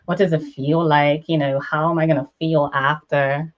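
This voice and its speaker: A woman's voice: deep voice, level tone, normal speed. A woman co-hosting a casual talk, affirming her guest and asking her questions. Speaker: co-host. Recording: dull lo-fi audio.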